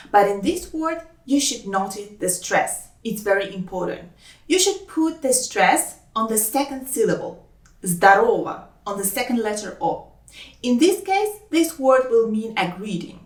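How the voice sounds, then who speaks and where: A woman who speaks Russian natively, teaching a language lesson in English with slow, careful speech, saying each phrase twice. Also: fairly high pitch, big pitch swings, recorded from a distance. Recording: roomy, voice a bit off-mic.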